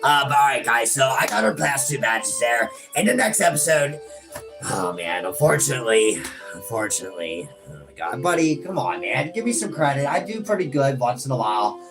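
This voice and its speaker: Over background game music, this man hosts a relaxed gaming session with an expressive, medium-pitched voice. He speaks briskly with few pauses, cracking jokes, cursing, and addressing people as bro and buddy in typical let's-play banter.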